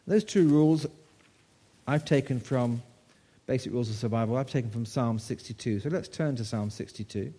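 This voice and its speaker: A man's voice: medium pitch, normal speed, mellow, slightly rough. A man in his sixties from the United Kingdom preaching a sermon to his church, telling a story in a conversational way with rhetorical questions.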